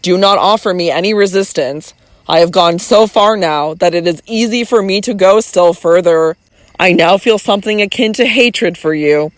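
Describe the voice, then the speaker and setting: Commanding, teasing noblewoman in an audiobook, calm and controlled, read by the narrator, dry close recording. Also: lowish voice, moderate pace, no echo, natural voice. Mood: cold. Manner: cool and commanding, then playful. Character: imperious, teasing young noblewoman. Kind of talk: audiobook reading.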